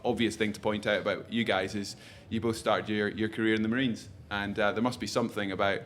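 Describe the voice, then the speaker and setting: Fast-talking man hosting a live podcast. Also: lowish voice, level tone, a bit bright. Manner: quick, rambling with many restarts. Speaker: podcast host. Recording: faint ambient noise, live event.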